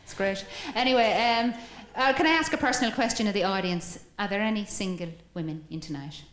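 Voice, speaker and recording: A woman's voice: on the high side, a little fast, hardly any pauses, a bit bright, a little hiss or hum. A woman bantering cheekily with a live theatre audience, laughing through bawdy lines. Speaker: comedy singer-host on stage. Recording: echoey live hall with crowd.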